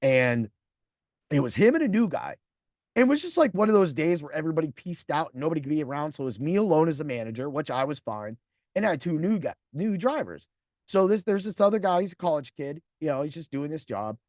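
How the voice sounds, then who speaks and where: A man's voice: fairly high pitch, sing-song, fast, a little mellow, dry recording, clean studio sound. A man in his forties hosting a podcast, telling a personal story in a blunt, profane way and acting out other people's lines. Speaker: podcast host.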